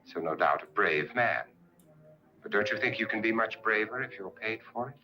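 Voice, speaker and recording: A man's voice: on the low side, expressive, normal speed, highs cut off, close to an everyday voice. An actor playing a suave, wealthy man hosting a sinister party, speaking in a dry, sardonic way in a 1950s horror film. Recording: old film soundtrack with music behind.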